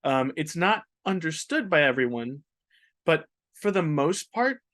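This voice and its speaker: A man with a slightly high voice speaks in a measured, thoughtful way, pausing on "um" as he works through his points. The recording is close and dry. He co-hosts a relaxed chat about running games. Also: no echo. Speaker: podcast co-host. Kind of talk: casual advice chat.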